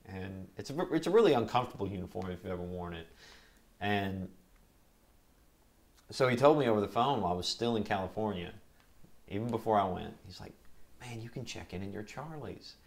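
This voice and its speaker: Young male veteran for an oral history interview, deep and gravelly, relaxed rambling delivery. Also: a little fast, pauses often.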